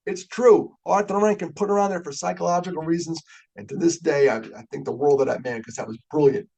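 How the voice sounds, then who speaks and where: Older male keynote speaker, gravelly voice, animated storyteller. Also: on the high side, quick pace. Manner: animated, gets fired up. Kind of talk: storytelling talk. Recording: webinar audio.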